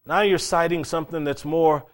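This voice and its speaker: A male pastor delivering a dramatic sermon with a fairly high voice. He swings from loud, ringing declarations to hushed, quiet asides. He keeps pressing his listeners with rhetorical questions. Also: steady tone, normal speed.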